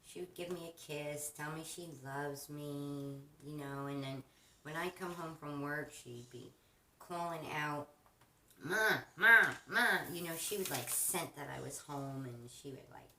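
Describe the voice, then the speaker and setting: Low-voiced woman chatting in a roomy space. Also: measured pace, fairly bright tone. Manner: chatty and rambling, with frequent restarts. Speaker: craft channel host. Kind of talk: casual chat while crafting. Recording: roomy, distant mic with faint noise.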